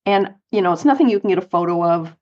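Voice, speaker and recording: A woman's voice: fairly low pitch, fast talker, dull audio. Middle-aged woman telling stories. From United States, Colorado. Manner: animated anecdotes with light laughs. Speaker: guest, author and speaker. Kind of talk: storytelling interview.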